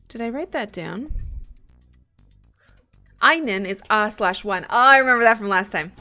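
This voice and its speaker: A woman talks slowly and casually through her study notes during a live stream. She thinks aloud and mutters the odd curse when something won't stick. Soft music plays faintly behind her. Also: on the high side. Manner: chatty, thinks aloud, swears when frustrated. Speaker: live streamer learning German.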